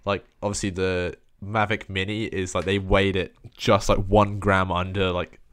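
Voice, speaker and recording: A man's voice: sits low, flat delivery, normal speed, fairly bright tone. A man from the United Kingdom chatting casually on a podcast, laughing between thoughts. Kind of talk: casual chat.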